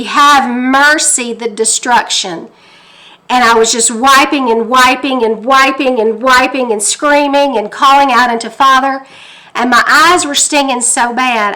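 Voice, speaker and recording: Fervent woman with a bright voice. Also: fairly high pitch. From Texas. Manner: fervent, emotional storytelling, quoting her own prayers. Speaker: faith teacher. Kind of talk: personal testimony. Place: kitchen table at home.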